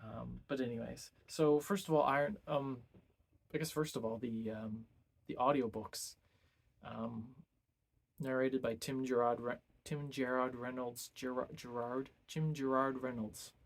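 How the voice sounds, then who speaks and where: Husky, gravelly man rambling about books. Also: medium pitch, steady tone, a little slow. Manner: rambling, many ums and self-corrections. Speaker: book reviewer. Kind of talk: casual book review monologue.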